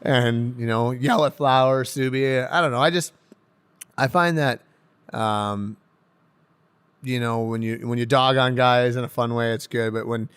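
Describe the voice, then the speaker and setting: An excitable man who laughs his way through his stories on a podcast, his voice climbing whenever he gets going. The tone is smooth and resonant, with a relaxed, chatty flow. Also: mid-range voice, unhurried. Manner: animated storyteller who laughs often and gets loud when excited. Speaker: pro hockey defenseman guest. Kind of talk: casual podcast interview.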